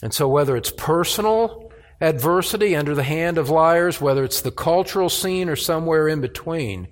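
A pastor preaching a sermon in an earnest, measured way, his voice rising when he voices the psalmist. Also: medium pitch, long reverb tail. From United States.

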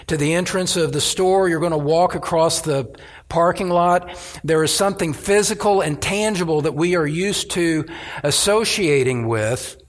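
Guy preaching a sermon in church, kinda high voice, really emphatic. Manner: emphatic preaching with repeated restarts. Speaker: pastor.

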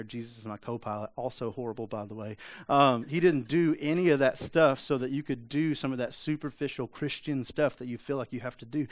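A man's voice: medium pitch, dry recording. A man preaching a sermon in a conversational way, often asking the congregation for an amen. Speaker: pastor.

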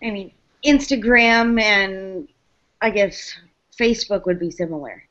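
A woman's voice: medium pitch, a little slow, a bit bright. A woman speaking as a guest in a casual panel chat, dry and sarcastic, going through her points one by one. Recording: dull lo-fi sound.

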